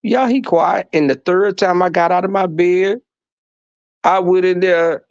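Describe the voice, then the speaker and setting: A man hosting a livestream, telling stories to his viewers in an animated, profane way and acting out the voices in them. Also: high-pitched, measured pace, no room sound, highs cut off. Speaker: livestream host reading chat. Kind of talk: casual storytelling to viewers.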